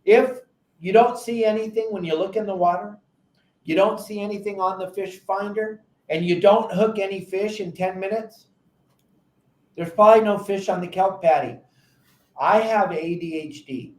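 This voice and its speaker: A man with a fairly high voice hosts a fishing talk show and tells animated stories, often acting out frantic quotes. He gives casual advice, and his voice rings in a roomy, echoey space. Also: moderate pace. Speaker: podcast host and fishing captain.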